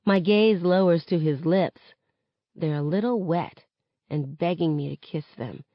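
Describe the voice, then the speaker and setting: A woman reading a novel aloud in first person, with expressive narration. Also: on the low side, unhurried, dry recording. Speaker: reader. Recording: dull, close, dry audio.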